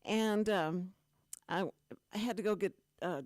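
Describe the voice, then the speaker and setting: A woman's voice: medium pitch, measured pace, no echo, studio quality. Rambling older woman radio host. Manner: rambling, animated self-deprecating storyteller. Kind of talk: casual radio chat.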